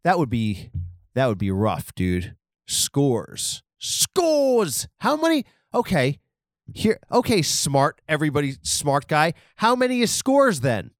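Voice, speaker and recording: Man, comedy podcast host, crude rambling talk, lively swings in pitch, dry sound. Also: a little slow, no echo. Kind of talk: comedy podcast riffing on headlines.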